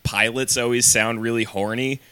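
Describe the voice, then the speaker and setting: Bright, dry-sounding man rambling a comedy bit. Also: steady tone, normal speed, clear, resonant tone, no room sound. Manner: rambling storyteller pitching comedy bits. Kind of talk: casual comedic banter.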